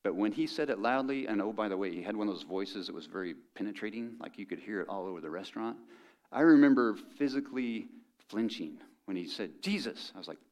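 A man's voice: fairly low pitch, quick pace, darkish tone. A middle-aged man preaching a sermon as pastor, conversational and joking with the congregation.

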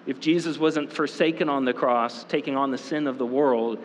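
A man preaching a sermon as pastor, talking casually with many fillers and quick asides. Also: mid-range voice, fairly even intonation, a little hiss or hum. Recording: long reverb in a hall.

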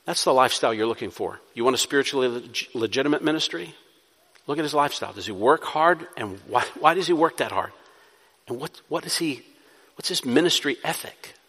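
A man's voice: mid-range voice, expressive, a little fast, a bit bright, husky. Man preaching a sermon in a reverberant hall. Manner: builds to emphatic rising intensity then drops to conversational. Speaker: pastor.

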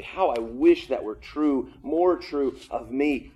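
A man preaching a sermon, talking in a conversational, earnest way that swings from loud emphasis to hushed tones. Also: medium pitch, lively intonation, measured pace, hardly any pauses. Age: adult with children. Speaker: pastor.

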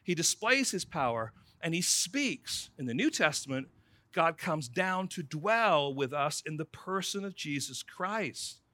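A man's voice: fairly high pitch, very animated, unhurried, pushed and bright, no echo. A man preaching a sermon in a conversational way, calling his listeners friends. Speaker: pastor.

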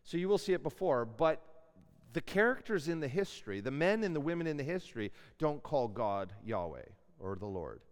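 A man's voice: mid-range voice, very animated, fairly quick. A man giving a classroom Bible lecture in a conversational way, putting questions to his students. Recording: long hall reverb.

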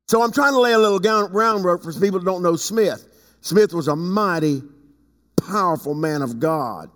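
High-voiced preacher, echoing hall. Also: male voice, expressive, measured pace. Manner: preaching with big swings from loud highs to quiet lows; talks to the congregation by name. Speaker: pastor. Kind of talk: sermon. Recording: long hall reverb.

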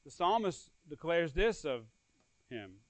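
A man with a high voice preaches a sermon in dry, close sound with no room echo. He speaks earnestly, rising in force and then falling quiet. He repeats phrases and restarts words mid-thought. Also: sing-song, slow. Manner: earnest preaching, swelling louder then dropping soft. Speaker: pastor.

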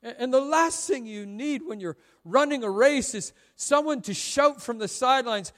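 High-voiced pastor in an echoing hall. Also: male voice, lively intonation, normal speed, few pauses. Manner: stammering restarts, rising to shouts then dropping to hushed prayer. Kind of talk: sermon. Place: church sanctuary.

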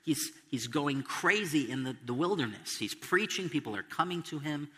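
A man's voice: a little high, animated, normal speed, pushed and bright, slightly rough, big-room sound. A man preaching an expository sermon, stressing quotes and asking the listeners questions. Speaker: pastor.

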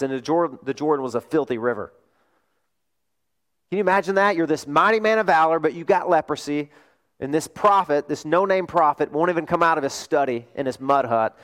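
A male pastor preaching a sermon, telling a story in an animated way and asking rhetorical questions. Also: on the high side, moderate pace.

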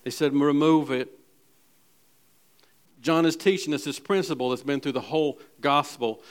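A man preaching a sermon, reading scripture aloud and swinging between hushed, quiet passages and loud, fervent ones. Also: medium pitch. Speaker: pastor.

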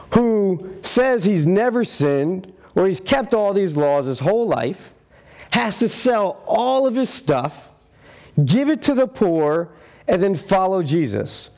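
A man preaching a sermon, telling the story with animated storytelling and acting out the quotes in character. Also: sits high, a little slow.

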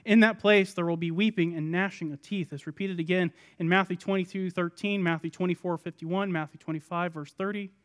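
A man with a high voice delivers a sermon. He acts out the people in his text with loud pleading, then drops to quiet, low asides. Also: fairly even intonation, a little fast, hardly any pauses. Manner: dramatic, voicing the people in the parable. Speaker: pastor.

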